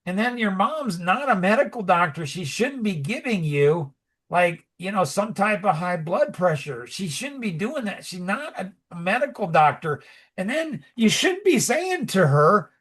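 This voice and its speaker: A middle-aged man with a slightly high voice, chatting loosely on a podcast. He rambles, circles back on himself and fills his talk with "like" and "you know," breaking into lively asides. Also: unhurried, husky. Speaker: podcast co-host. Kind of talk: casual conversational podcast talk.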